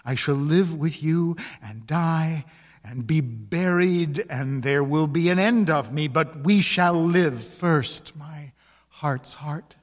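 A man's voice: fairly high pitch, takes it slowly, in a large hall. A man reading a yearning ghost woman. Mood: pleading. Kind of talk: dramatic reading of a ghost story.

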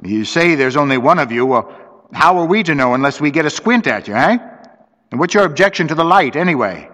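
A man voicing a rough, wary fisherman in a storybook reading, blunt and colloquial, with long reverb. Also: fairly high pitch, expressive, a little fast, a bit bright, voice pushed up. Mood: gruff, urgent.

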